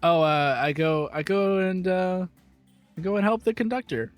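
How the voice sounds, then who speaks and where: A man's voice: sits high, moderate pace, dry recording, soft background music. A man playing a tabletop role-play game, playful and joking, laughing between lines. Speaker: player.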